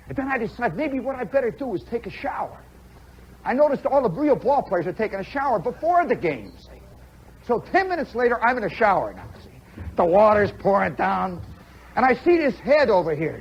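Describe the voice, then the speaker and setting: Man, radio storyteller, high bouncing voice, chatty asides, muffled old broadcast, faint hiss. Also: fairly quick. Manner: animated, conversational, full of "see?" and "you know" asides. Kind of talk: live radio storytelling monologue.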